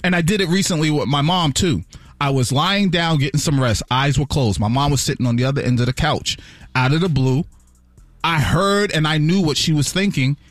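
A man co-hosting a morning radio show, telling stories in an earnest, animated way. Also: on the high side, a little fast, no room sound. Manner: animated storyteller, lively and earnest. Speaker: radio co-host. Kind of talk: casual morning radio chat. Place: radio studio.

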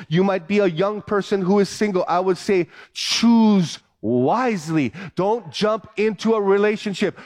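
A man preaching a sermon, emphatic and repeating phrases to drive points home. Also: high-pitched. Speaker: pastor.

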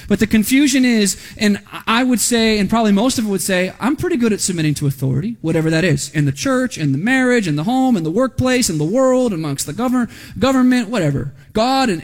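A man preaching a sermon as pastor, emphatic, asking rhetorical questions and dropping into a stern voice for quotes. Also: high-pitched. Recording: hall reverb.

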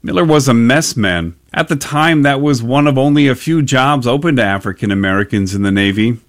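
A man reporter narrates a radio news package in a measured, clear way. His voice sits at a middle pitch.

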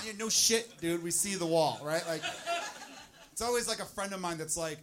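A man's voice: high-pitched, a little fast, background noise. A man doing a stand-up comedy set in exasperated, punchy rants.

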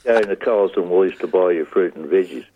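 A male caller with an Australian accent, telling a story in a halting, repetitive way. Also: sits low, dull audio, background noise. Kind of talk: casual phone-in chat.

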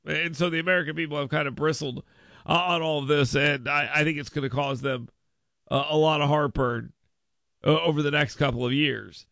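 A man hosting talk radio from a studio, his voice bright and gravelly. He talks in an animated way, switching into higher mocking voices to quote people. The sound is dry and close to the mic. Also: brisk, no echo. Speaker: radio talk show host. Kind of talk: political talk radio monologue.

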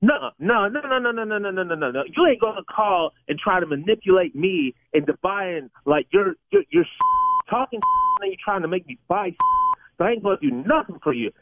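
A man's voice: high-pitched, expressive, a little fast, no room sound. A man on a phone call, angry and defensive, stammering and repeating himself. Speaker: prank call target. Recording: tinny phone line, dry.

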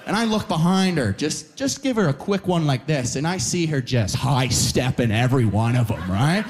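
A man's voice: medium pitch, animated, moderate pace. A young Canadian man doing stand-up comedy, telling rambling stories and tagging lines with "right?". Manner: rambling storytelling, frequent "right?", playful.

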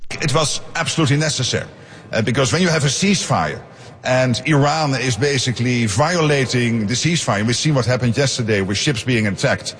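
A man speaks firmly, stressing his points. His pitch sits mid-range. The sound carries a long hall reverb. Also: brisk, fairly bright tone. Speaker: interviewee. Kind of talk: news clip.

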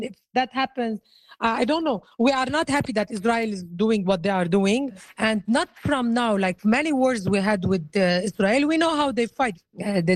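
A middle-aged Lebanese woman with an accent, speaking English as a second language to an interviewer over the phone, halting, with many restarts. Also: a little high, dry recording, rough recording. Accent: Lebanese Arabic. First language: Arabic. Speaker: interviewee, hotel owner.

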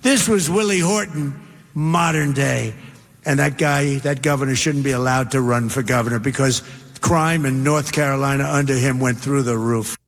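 A man's voice: medium pitch, moderate pace, big-room sound. A man giving emphatic political commentary, driving his points home by repeating them.

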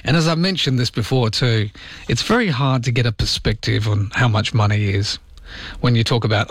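Man, radio talk host, rambling jokey chat, mid-pitched, dry close studio mic. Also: moderate pace, no room sound.

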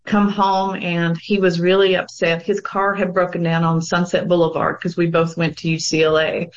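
A woman's voice: mid-range voice, muffled recording. Earnest woman telling her story. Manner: earnest storytelling with many fillers. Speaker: guest, abuse survivor and advocate. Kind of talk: personal testimony on a talk show.

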